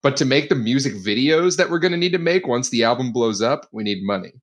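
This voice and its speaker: A young man co-hosting a podcast, rambling excitedly with many fillers in casual chat. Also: mid-range voice, quick pace. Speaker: podcast co-host.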